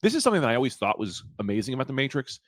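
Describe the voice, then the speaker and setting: A man co-hosting a podcast in casual chat, telling stories with lively, acted-out delivery. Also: medium pitch, rapid-fire, no echo, clean studio sound. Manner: lively storyteller who acts out the people in his anecdotes. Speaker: podcast co-host.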